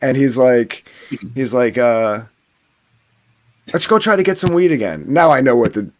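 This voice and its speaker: A man's voice: mid-range voice, big pitch swings, a little slow. A man from New Jersey telling a long story in a rambling, casual way, full of fillers and swearing. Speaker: podcast panelist.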